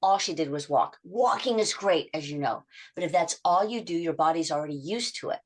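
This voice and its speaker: A middle-aged woman habit coach in a podcast interview, telling client stories and acting out their quotes in lively voice shifts. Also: on the low side, fairly quick.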